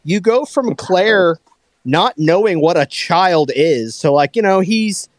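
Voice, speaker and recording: A man on a headset mic, hosting a casual movie talk and acting out quotes with lively energy. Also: high voice, takes it slowly, no room sound. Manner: animated, acts out quotes, talks to his dog. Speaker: podcast host.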